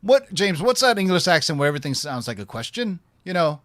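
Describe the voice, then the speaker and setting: A man talking casually on a pop-culture panel, rambling and excitable. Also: a little high, a little fast, dry recording. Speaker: podcast panelist. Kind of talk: casual group chat.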